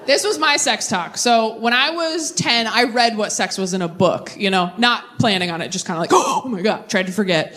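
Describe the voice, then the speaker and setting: A young woman doing live stand-up and crowd work, brash and profane, with quick tangents. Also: medium pitch, fairly bright tone, slight background noise. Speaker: stand-up comedian. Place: comedy stage before a live audience.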